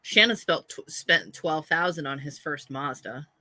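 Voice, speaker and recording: Woman guest, bright voice, blunt and punchy, laughs a lot, dry sound. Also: low-pitched, lively intonation, a little slow, no room sound. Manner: blunt, emphatic, laughs through stories. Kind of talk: casual chat.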